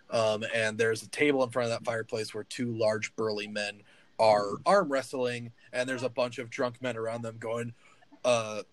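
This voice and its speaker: A man's voice: mid-range voice, poor audio. Man, game master, tabletop game, casual, hesitant, fillers.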